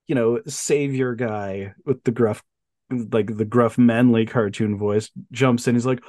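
A man in casual podcast chat, lively and quick to laugh, slipping into playful mimicry as he tells a story. His voice sits in an ordinary middle range and is recorded close and dry, with no room sound. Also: mid-range voice, dry recording. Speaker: podcast host.

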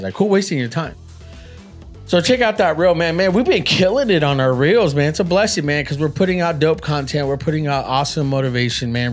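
A man hosting a motivational podcast, talking in an animated, slangy way and often saying "man". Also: a little high. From Native American. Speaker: podcast host.

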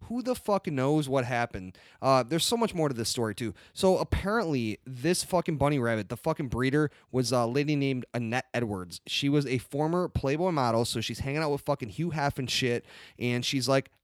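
A man co-hosting a comedy podcast, ranting loudly and swearing constantly. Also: medium pitch, animated, moderate pace, no room sound, studio quality. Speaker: podcast co-host. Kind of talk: profane comedic podcast banter.

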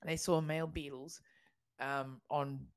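A woman's voice: sits low, little pitch movement, measured pace, clear, resonant tone. An Australian woman co-hosting a podcast, telling stories in a chatty way with frequent laughter and restarts. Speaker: podcast co-host. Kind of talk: casual chat.

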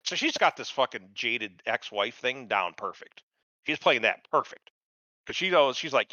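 A man's voice: medium pitch, expressive, moderate pace, pushed and bright, no room sound. A man co-hosting a podcast, swearing freely as he rants about a TV show and mocks its characters. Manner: profane, ranting, mocks characters in put-on voices. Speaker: podcast co-host. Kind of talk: casual chat, crude TV recap. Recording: dull lo-fi sound.

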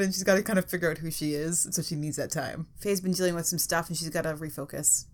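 Woman player, lowish pitch, earnest and thoughtful. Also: steady tone, brisk, few pauses. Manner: earnest, thoughtful, casual fillers.

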